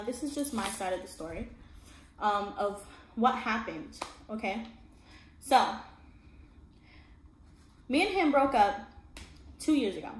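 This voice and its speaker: A woman telling her own story in a casual storytime monologue, emphatic and often checking in with her listener. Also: mid-range voice. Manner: emphatic, keeps checking in with "all right?" and "okay?". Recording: echoey room with faint background hum.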